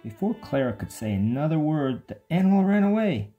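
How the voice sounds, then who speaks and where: A narrator giving an expressive, lively read-aloud of a children's bedtime storybook. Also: medium pitch, fairly quick, husky, dull audio, soft background music.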